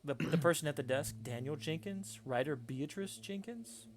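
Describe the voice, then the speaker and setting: A man's voice: a little high, lively intonation, moderate pace, a little hiss or hum. A man chatting casually as a tabletop game player, thinking aloud and often restarting his sentences. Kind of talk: casual chat.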